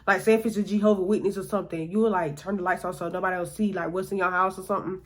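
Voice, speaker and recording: A woman's voice: lowish voice, steady tone, very fast. A woman vlogger telling a story in a rambling, profane, filler-heavy way. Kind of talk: casual storytelling.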